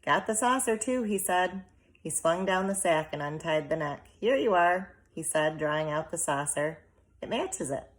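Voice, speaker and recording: A woman reads a tired tiny father in a storybook, terse and unhurried. He speaks only when he must, in short, plain sentences. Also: lowish voice, lively intonation, close to an everyday voice. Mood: weary. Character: quiet, weary little father. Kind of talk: audiobook character reading.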